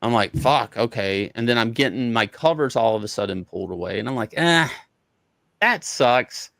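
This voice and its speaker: A man's voice: mid-range voice, a little fast, creaky, fairly bright tone, no echo. A man, a comic book artist, telling a story in an interview in a casual, profane way, acting out both sides of each conversation.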